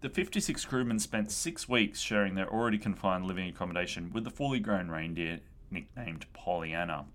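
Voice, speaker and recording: Brief: male podcast co-host, low voice with a lively, swooping delivery, laughs often. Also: fairly quick, hardly any pauses. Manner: laughs often, tells stories with playful asides. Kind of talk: casual podcast chat.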